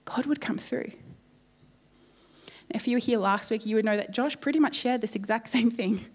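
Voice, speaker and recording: A woman preaching in a slightly high voice, with a lively storytelling delivery. She drops playful asides to the congregation as she tells the story. Her delivery is a church sermon. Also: normal speed.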